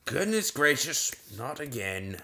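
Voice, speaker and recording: A man's voice: mid-range voice, very animated, slow, pushed and bright. A man giving casual, rambling commentary over a video game, often stopping mid-sentence and restarting with a playful tone. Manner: rambling, self-interrupting, playful. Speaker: gaming video host.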